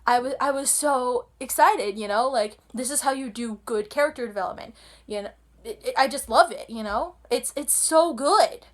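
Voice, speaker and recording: Excitable, slightly high-voiced woman gushing. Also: normal speed. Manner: gushing, rambling with restarts. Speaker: anime vlogger. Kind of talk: casual rant.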